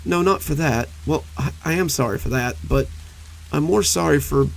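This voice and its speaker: A man plays a timid monster under a child's bed, pitched high and pleading in a frightened, whimpery way. The voice is creaky and husky, and the monster blusters when it is scared. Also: moderate pace, rough recording. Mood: apologetic.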